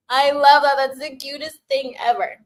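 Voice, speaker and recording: A young woman hosting a casual live-stream Q&A, giggling often and teasing her chat as she gives playful advice. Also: sits high. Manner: giggly, laughs often between phrases.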